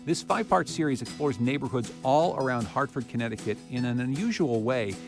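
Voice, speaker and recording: A man's voice: medium pitch, animated, a little fast, music in the background. A man hosting a public radio show, reading promos and introductions in a polished, scripted delivery.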